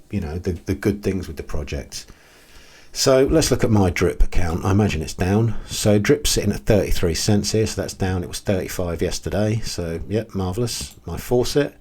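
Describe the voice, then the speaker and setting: A crypto video host with a low, slightly husky, somewhat mellow voice speaks to camera in a casual commentary video. He sounds blunt and exasperated, pausing for ums and restarting his sentences.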